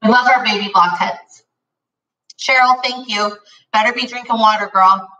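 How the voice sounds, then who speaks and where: Woman, live-stream co-host, high voice, bright, gushing, echoey room, off-mic. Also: fairly even intonation, normal speed, far from the mic, dull audio. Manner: bubbly, gushing, reads out chat names. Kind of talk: casual live-stream chat.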